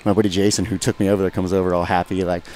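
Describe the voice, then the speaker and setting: Deep-voiced man rattling off a profane story. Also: flat delivery, racing, warm tone. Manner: profane and rambling, keeps saying "you know what I mean". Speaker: guest fighter. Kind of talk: casual storytelling.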